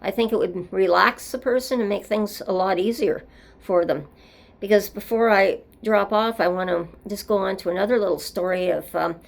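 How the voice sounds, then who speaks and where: A woman's voice: mid-range voice, vocal fry. A woman hosting a solo show, speaking in an earnest, meandering way as she reflects and tells stories. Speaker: host.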